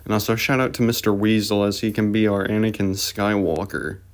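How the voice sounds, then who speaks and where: Low smooth-voiced guy rambling through his reaction video voice-over. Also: steady tone, a little fast. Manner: rambling, offhand remarks. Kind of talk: casual commentary voice-over.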